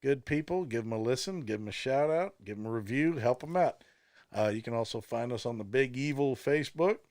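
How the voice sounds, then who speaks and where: A man's voice: medium pitch, animated, a little fast, darkish tone, dry recording. Male co-host, mid voice, joking, dry close mic. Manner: joking and wisecracking, plugs the show chattily. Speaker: podcast co-host. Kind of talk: casual banter.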